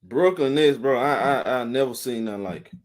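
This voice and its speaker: Tired live-stream sports host, rambling. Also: male voice, medium pitch, a little fast. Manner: rambling, repeats himself, greets chat viewers by name.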